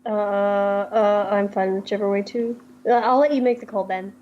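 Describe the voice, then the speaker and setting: A woman's voice: mid-range voice, fairly even intonation, moderate pace, muffled recording, slight background noise. A woman joking around casually as a player in a tabletop story game. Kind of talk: casual chat.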